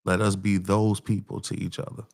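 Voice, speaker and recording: A man's voice: on the low side, flat delivery, normal speed, dry recording, studio quality. A man hosting a casual group talk show, speaking in loose, joking slang. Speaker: podcast host.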